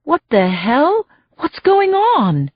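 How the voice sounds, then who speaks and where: A woman's voice: on the high side, very animated, measured pace, slightly rough, dry recording, highs cut off, heavily acted. A woman narrator voicing a blunt, snappy female prosecutor. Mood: dazed. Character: sharp-tongued woman prosecutor.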